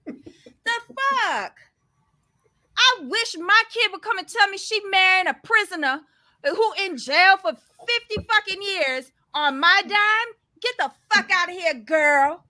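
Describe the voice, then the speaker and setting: A woman rants through a reality show recap, loud and full of swearing. Her voice sits high and bright, and she keeps slipping into mocking voices. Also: takes it slowly. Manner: loud, profane, animated ranting with mock voices. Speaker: recap commentator.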